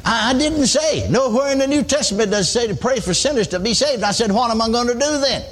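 A man's voice: very high-pitched, lively intonation, quick pace. A man preaching a sermon in a folksy style, often exclaiming praise and asking for amens. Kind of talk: radio sermon.

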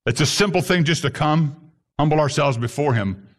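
A man preaching a sermon to a congregation, emphatic, with bursts that rise sharply in pitch. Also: moderate pace. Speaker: pastor.

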